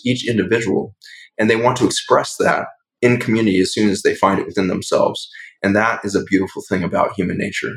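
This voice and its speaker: A man's voice: sits low, vocal fry, rough recording. A man, a doctor guest on a podcast, telling stories in an earnest, reflective, flowing way. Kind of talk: podcast interview storytelling.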